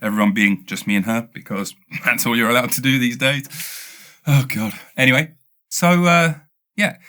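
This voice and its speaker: A man's voice: mid-range voice, normal speed. A man with a British accent, hosting a podcast and telling a rambling comic story with lots of stutters and restarts. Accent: British English. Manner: rambling, animated, self-interrupting with stutters. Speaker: podcast host. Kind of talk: casual comedic storytelling.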